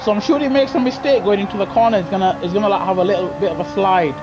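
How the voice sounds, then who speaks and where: A young British man chatting excitably to his live chat while playing a racing game on a headset mic. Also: sits high, rapid-fire, background noise. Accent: British English. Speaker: gaming livestreamer. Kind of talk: casual live gameplay commentary. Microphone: gaming headset.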